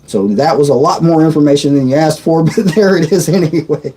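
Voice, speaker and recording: A man's voice: fairly high pitch, brisk, dark tone, slight background noise, low-quality recording. Chatty man on a live stream. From Indiana, USA. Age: 30s. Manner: chatty and joking, laughs often, stumbles and restarts. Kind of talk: casual live-stream chat reading comments.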